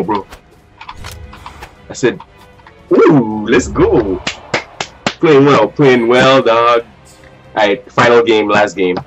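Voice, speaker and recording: A young man giving live commentary while playing a ranked fighting game, swearing, trash-talking and repeating his phrases. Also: lowish voice. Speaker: gamer. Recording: faint game music behind.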